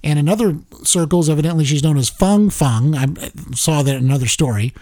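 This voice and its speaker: Male talk host, higher voice, dry close sound, animated political commentary. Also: brisk, dry recording. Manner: animated, repeats words and restarts.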